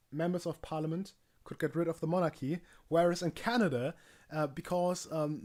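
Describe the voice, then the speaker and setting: A man's voice: on the high side, darkish tone. A man streaming alone, rambling casually with jokes, frequent ums and stumbling self-corrections. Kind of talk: casual livestream monologue.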